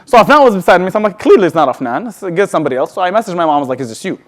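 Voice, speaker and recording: In a large event hall, a man at a sales event tells an emotional personal story conversationally, often restarting and sinking to a soft, quiet voice. His voice is high, with lively intonation and a rapid-fire delivery.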